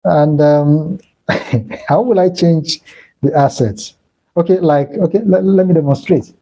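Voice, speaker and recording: Reading viewer comments aloud, this man thanks and blesses his audience on a relaxed crypto live stream, often repeating himself. He has a Nigerian Igbo accent and comes from southeastern Nigeria; his voice is slightly high, mellow and measured, captured in poor audio.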